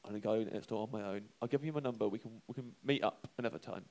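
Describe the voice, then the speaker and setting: A young man telling a comic anecdote on a live show, halting and self-deprecating, chuckling between lines. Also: on the low side, a little mellow. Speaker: comedian telling a story.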